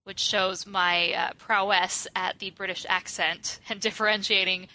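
A woman's voice: mid-range voice, flat delivery, sharp tone. A woman co-hosting a casual film podcast, chatty and playful. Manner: chatty, playful, quick to laugh. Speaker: podcast co-host.

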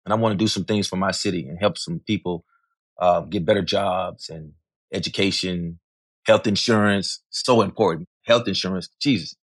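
A man's voice: low voice, normal speed, no echo, studio quality. Emphatic middle-aged man. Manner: emphatic, repetitive, sprinkles "man", swears freely. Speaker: interview guest, rapper. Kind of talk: candid conversational interview.

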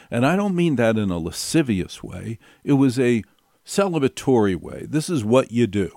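This middle-aged man's mid-range voice swings widely in pitch at a normal pace, with vocal fry and a slightly mellow quality. He digresses wryly through a personal anecdote, repeating key phrases as he builds it. Studio-quality audio, no echo.

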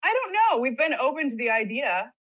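A woman's voice: high voice, very animated, brisk, fairly bright tone, dull audio. A woman guest in a casual chat, telling stories and acting out what others said. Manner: chatty storyteller, acting out others' words.

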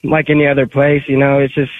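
A man's voice: medium pitch, monotone, fast talker, dry recording. A man calling in to a radio show, chatting in an easygoing, laid-back way. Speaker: caller. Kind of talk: casual call-in chat. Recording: tinny phone line.

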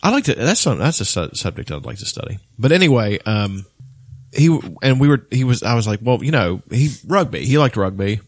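A man's voice: mid-range voice, sing-song, fairly quick, no room sound, studio quality. A man in casual podcast chat, telling rambling stories full of restarts and swearing. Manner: rambling storyteller, swears often, many restarts.

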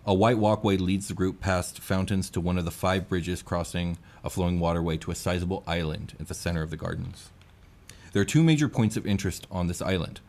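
A man narrating and running a tabletop role-playing game, laid-back and quick to laugh. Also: sits low, a little mellow. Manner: laid-back, laughs easily, uses fillers. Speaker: game master.

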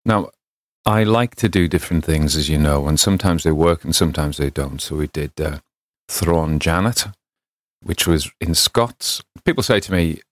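A middle-aged man, host of a storytelling podcast, reading a classic novel aloud and chatting in an unhurried, wry way. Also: very deep voice, no echo.

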